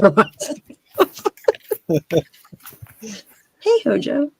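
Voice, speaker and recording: A woman from the Philadelphia area, with a faint Philadelphia accent, chats casually as a panelist, rambling with many restarts. Her low voice is creaky and a little mellow with a breathy edge, captured without echo in a low-quality recording.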